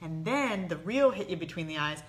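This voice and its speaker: A woman on a talk show giving earnest, animated advice, sometimes dropping soft and low. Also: moderate pace. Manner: earnest, animated, dips soft and low when quoting inner thoughts. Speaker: therapist guest. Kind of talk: casual advice chat.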